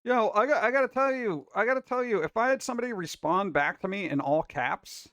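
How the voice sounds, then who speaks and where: An exasperated man hosting a casual food-video reaction show, with a fairly high voice that swings up and down in a lively way. He keeps cracking jokes between complaints. The recording is dry and close to the mic. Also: a little fast, dry recording. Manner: exasperated, wisecracking, animated.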